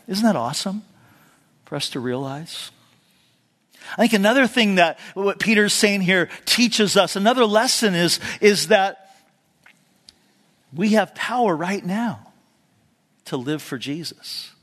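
A man's voice: high voice, lively intonation, a little slow, pauses often, a bit bright. A male pastor preaching a sermon in a conversational storytelling way, dropping in "you know" asides and acting out quotes with a raised voice. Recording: long reverb of a large hall.

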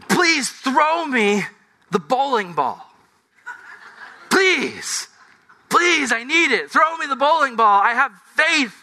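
A man in his thirties preaching a conversational sermon, acting out little scenes in lively voices. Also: fairly high pitch. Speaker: pastor.

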